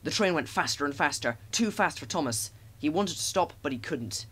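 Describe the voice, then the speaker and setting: Animated male storybook narrator. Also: fairly high pitch, normal speed, breathy edge. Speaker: audiobook narrator.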